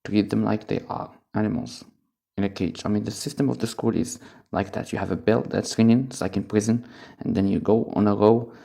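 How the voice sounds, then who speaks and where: A man speaks English as an after Arabic, wandering through a relaxed solo recording while high on cannabis. His voice sits low and dark, with a gravelly fry running through it. He drifts from thought to thought and chuckles along the way. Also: a little fast. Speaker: English teacher. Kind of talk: casual recorded monologue.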